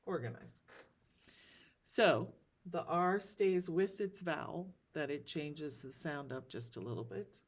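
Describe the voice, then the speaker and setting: A woman teacher giving a recorded lesson, sounding out words slowly and carefully. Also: sits low, animated, husky. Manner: slow, drawn-out word sounding.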